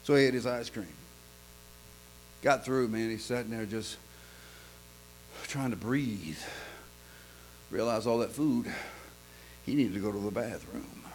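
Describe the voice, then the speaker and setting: A man preaching in a folksy, joke-telling sermon style, stammering and repeating himself, swinging from quiet asides to loud punchlines. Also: lowish voice, a little slow, pauses often, a little hiss or hum. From lives in Oklahoma.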